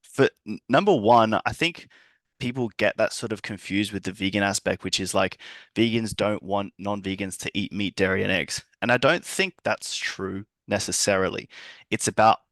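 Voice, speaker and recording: A man's voice: lowish voice, normal speed, fairly bright tone, dry recording. A man hosting a podcast, asking questions in a loose, hesitant way with fillers and restarts. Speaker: podcast host. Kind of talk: casual podcast conversation.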